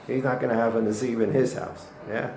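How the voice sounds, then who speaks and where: Rabbi guy giving a torah class, tells it lively, echoey room with faint hiss behind. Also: medium pitch, a little fast. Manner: animated storytelling with Hebrew and Yiddish terms. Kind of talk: weekly Torah lesson.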